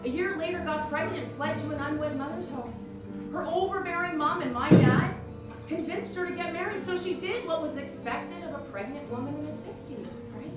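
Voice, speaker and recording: A middle-aged woman doing a solo stand-up show, animated, breaking into song and mock voices. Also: high voice, fairly quick. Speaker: stand-up comedian. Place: theater stage. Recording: distant, echoey stage recording with music.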